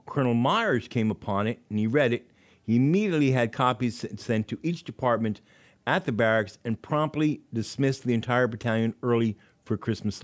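A man hosting a community radio show from the studio, chatting in an easygoing, joking way and reading a poem aloud. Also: medium pitch. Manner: easygoing, joking, with frequent "um" fillers.

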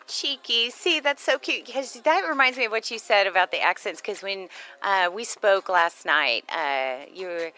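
A woman's voice: medium pitch, expressive, moderate pace, bright, forceful tone, poor audio. A woman co-hosting a casual chat, playful and jokey, laughing often. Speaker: co-host.

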